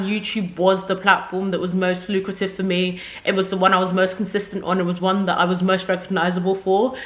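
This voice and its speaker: A woman's voice: mid-range voice, a bit bright. A young woman beauty creator chatting casually to camera from a makeup setup at home, rambling and effusive.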